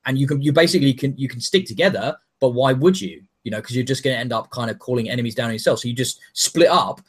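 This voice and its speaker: Man, podcast host; animated, excitable, swears freely, casual game talk. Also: medium pitch, fast talker, breathy edge. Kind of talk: casual chat.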